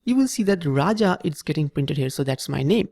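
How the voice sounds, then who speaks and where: Patient coding tutor, dry close sound. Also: male voice, a little high, animated, a little fast, gravelly, darkish tone, no room sound. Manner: patient, repetitive, checks in with "okay?". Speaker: programming instructor. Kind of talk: screen-recorded coding tutorial.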